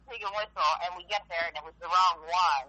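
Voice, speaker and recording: A woman's voice: fairly low pitch, fast talker, muffled recording, a crowd in the background. A woman with an East Coast US accent calling in over the phone, chatting and telling rambling stories. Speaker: caller. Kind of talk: casual chat. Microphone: phone line over speaker.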